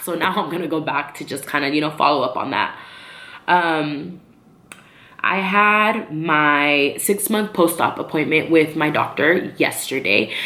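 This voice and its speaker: A woman talking casually and openly to camera in a personal vlog, chatty with frequent ums and likes. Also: low-pitched. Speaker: vlogger. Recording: echoey room.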